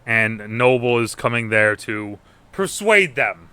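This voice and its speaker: Casting: bright-toned male podcast host, chatty recapper, filler-heavy delivery. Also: mid-range voice, lively intonation, slow pace, clear, resonant tone, dry recording. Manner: rambling recaps with acted-out quotes and many ums. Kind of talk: casual movie review chat.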